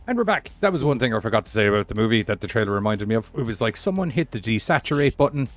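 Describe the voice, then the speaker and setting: A man's voice: fairly low pitch, big pitch swings, racing, faint music behind. A man hosting a casual review podcast, brash and teasing, swearing freely as he runs the ratings. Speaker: podcast host. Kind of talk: casual chat.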